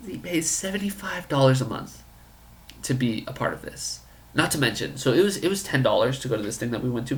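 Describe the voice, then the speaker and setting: A man telling a story about a friend's business pitch in a casual, incredulous way, acting out the dialogue. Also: sharp tone. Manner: incredulous, quoting others in dialogue.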